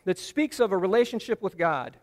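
A man with a fairly high voice preaches an earnest, explanatory Bible teaching sermon. He slows down and stresses key phrases to drive them home, and his voice rings out with the long reverb of a large hall. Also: darkish tone.

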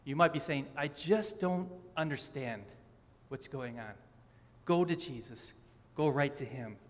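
A man's voice: mid-range voice, unhurried. A man preaching a sermon as a pastor. He asks rhetorical questions and drives his points home by repeating phrases. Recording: long reverb of a large hall.

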